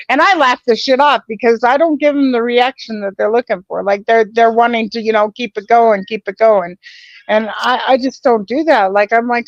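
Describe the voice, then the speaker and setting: A woman's voice: on the high side, moderate pace, no echo. Swearing woman host, lo-fi voice chat. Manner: swears a lot, laughs things off, many restarts. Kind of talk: casual group chat. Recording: dull lo-fi sound.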